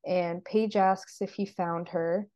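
A woman co-host walks through an episode in a relaxed, conversational recap. Her voice sits low and mellow, with a dark, soft tone. She keeps the flow loose and filler-heavy. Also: takes it slowly, clear, resonant tone. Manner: chatty, retells scenes with many "like"s. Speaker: podcast co-host.

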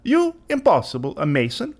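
A man voicing a tipsy, boastful male wine connoisseur in a dramatic reading of a classic tale, with an excitable, high manner. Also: a little fast. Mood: excited.

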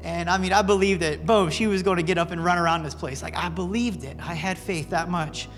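High-voiced male preacher in a reverberant church. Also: a little fast, a bit bright. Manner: casual, earnest storytelling with fillers like "man" and "I'm telling you what". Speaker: pastor. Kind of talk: sermon. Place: church sanctuary. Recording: long reverb with faint music in a church.

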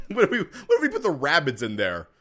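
Man, casual podcast co-host, lively animated pitch, excitable, quick riffing.

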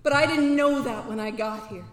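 A woman's voice: fairly high pitch, moderate pace. A woman giving a candid personal testimony at a banquet, earnest and direct, sometimes breaking into sudden whooping bursts. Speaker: recovery speaker at a banquet. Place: banquet hall. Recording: echoey hall with long reverb.

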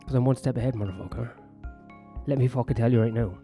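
A man's voice: mid-range voice, quick pace, mellow, soft background music. A man ranting in a sweary, sardonic, rambling monologue as a comedian vlogging on his own.

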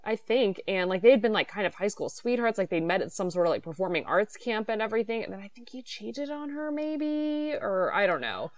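Female podcast co-host, chatty, lively pitch, talking from home. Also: fairly quick, hardly any pauses, no room sound. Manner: chatty, many "like" fillers, laughing asides. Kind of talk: casual chat. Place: home apartment.

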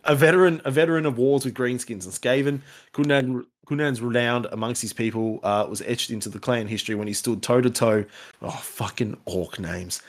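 A man's voice: medium pitch, brisk. A man hosting a casual podcast, rambling and swearing, often restarting his sentences.

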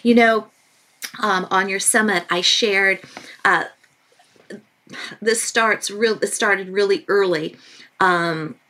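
A woman author who is a guest on a parenting podcast, telling lively stories and repeating points for emphasis. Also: mid-range voice. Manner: animated storytelling with emphatic repetition. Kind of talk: podcast interview.

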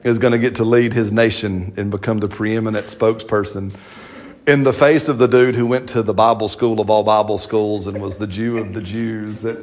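A man's voice: fairly low pitch, fairly even intonation, normal speed. A man preaching a sermon as pastor, folksy and joking, with slang and playful asides to his congregation.

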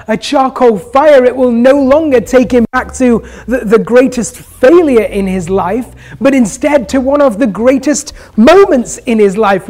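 A preacher delivering an earnest, gentle sermon and asking the listeners rhetorical questions. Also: medium pitch.

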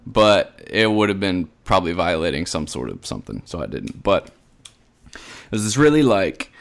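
A young man with a lively, swinging pitch tells stories on a casual podcast. He laughs often and slips into other people's voices when he quotes them. His delivery is animated and chatty. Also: normal speed, gravelly. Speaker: podcast co-host. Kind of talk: casual storytelling chat.

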